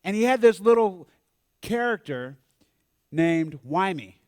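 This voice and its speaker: Animated man telling stories, dry sound. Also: sits high, slow pace, no room sound. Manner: animated storyteller who acts out quoted voices. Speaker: speaker at a mental health forum. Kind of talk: storytelling talk to a church audience.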